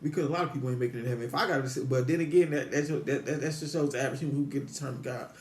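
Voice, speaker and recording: Rambling man, quick delivery, echoey room. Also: medium pitch. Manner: meandering, repetitive, frequent restarts, rhetorical questions. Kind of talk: rambling religious musing to viewers.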